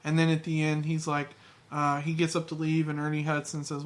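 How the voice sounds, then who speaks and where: A man's voice: on the high side, monotone, a little fast. A man chatting casually on a podcast, rambling and restarting sentences mid-thought. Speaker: podcast co-host. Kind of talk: casual chat.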